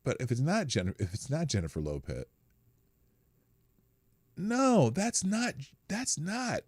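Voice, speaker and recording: A man's voice: on the high side, sing-song, takes it slowly, darkish tone, slightly rough, dry recording. A man hosting a casual morning live stream, chatting wryly and greeting viewers in the chat by name.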